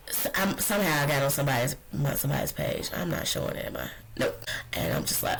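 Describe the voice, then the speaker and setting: A podcast host talking alone in a rambling, blunt and profane way, getting heated and often trailing off to think out loud. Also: medium pitch, animated, normal speed, creaky, a little hiss or hum, rough recording. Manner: heated, ranting. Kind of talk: casual solo podcast monologue.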